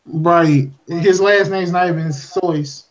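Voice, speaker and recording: High-voiced man, dull lo-fi podcast audio. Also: takes it slowly. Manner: earnest, musing, restarts his thoughts. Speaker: podcast co-host. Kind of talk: casual podcast chat.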